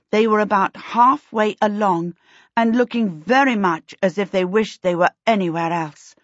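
A woman narrating a fantasy novel in a measured, expressive way. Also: mid-range voice, no room sound. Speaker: audiobook narrator. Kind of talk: scripted narration. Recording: dull dry lo-fi recording.

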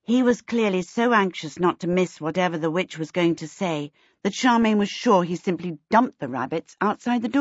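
A woman reading a storybook aloud as narrator in a calm, steady way. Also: lowish voice, no room sound. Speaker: audiobook narrator. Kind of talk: scripted narration. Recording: slightly dull, dry recording.

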